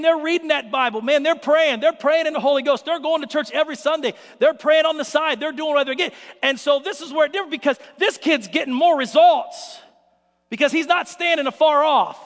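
A man preaching a sermon as pastor, telling stories in an animated way and acting out the scenes. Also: very high-pitched, in a large hall.

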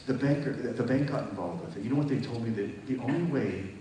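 A man preaching a testimony sermon to a congregation. He tells his story vividly, acting out phone calls, and rises to loud, emphatic peaks. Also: medium pitch, fast talker, crowd noise. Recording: distant echoey hall with noise.

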